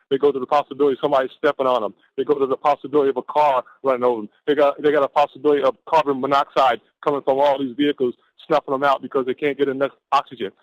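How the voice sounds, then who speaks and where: A fired-up man delivering a motivational pep talk on a team call, his cadence that of a preacher, drawing out the words he wants to land. His voice sits at an ordinary male pitch. The audio is dry, dull and lo-fi, like a conference line. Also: no echo. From Atlanta, Georgia, USA. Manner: exuberant, preacher-like, stretches key words slowly.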